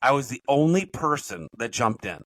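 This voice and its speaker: A man's voice: medium pitch, very animated, normal speed, poor audio. A middle-aged man, a podcast guest and business coach, telling his stories in a rambling, self-correcting way. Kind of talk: casual storytelling interview.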